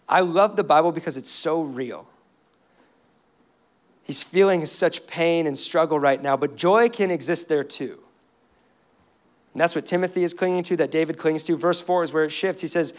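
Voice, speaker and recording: A young man preaching a sermon in a church, moving between intense and hushed passages. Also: fairly high pitch, normal speed. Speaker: pastor. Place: church auditorium.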